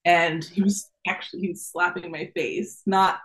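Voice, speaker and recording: A middle-aged woman, a guest in an interview, telling a personal story in a lively, casual way, laughing often and acting out the voices of the people in her story. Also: lowish voice, moderate pace, slight background noise, rough recording. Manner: animated, laughs often, acts out quoted voices.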